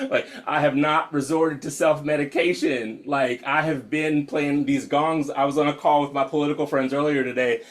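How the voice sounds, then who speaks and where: A young American man opens an online meditation session with casual talk, frank and profane, laughing often and calling listeners y'all. His voice is a little high, steady in tone, at normal speed.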